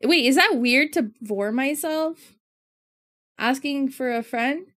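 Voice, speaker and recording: High bright girl streamer, slow playful giggly chatter. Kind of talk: casual livestream chat.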